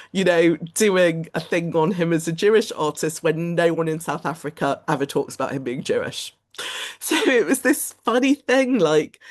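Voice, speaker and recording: A woman giving a lecture in a chatty, animated storytelling manner, often quoting other people's voices. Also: low voice. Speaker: guest lecturer. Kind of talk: lecture to a study group.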